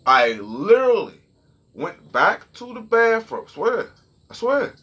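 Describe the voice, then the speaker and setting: Young male vlogger, husky tone, animated and heated, swearing freely while talking to the camera. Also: medium pitch, moderate pace. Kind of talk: casual storytelling rant.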